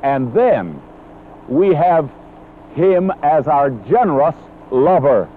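Lively high-voiced preacher on tinny audio. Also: male voice, slow. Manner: earnest, emphatic, quotes scripture. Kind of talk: sermon. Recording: tinny phone-like old recording with faint hiss.

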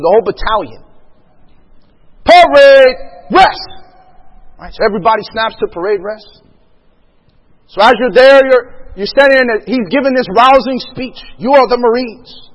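A man giving a spoken testimony to an audience, telling his story vividly, acting out the voices of others, and laughing often as he goes. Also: high voice. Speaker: speaker sharing a personal testimony. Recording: dull lo-fi sound with long hall reverb.

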